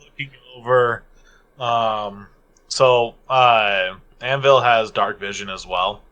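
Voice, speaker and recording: A man playing a tabletop game, talking hesitantly with many pauses and fillers. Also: lowish voice, pushed and bright, smooth. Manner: hesitant, lots of ums and likes. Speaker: player. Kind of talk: casual tabletop play.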